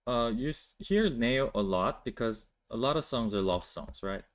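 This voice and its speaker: A man runs a casual live-stream lesson in a middle-pitched voice. He explains in loose, chatty bursts, leaning on "like" and restarting his sentences as he answers viewers' questions. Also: expressive, normal speed. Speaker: Korean language teacher.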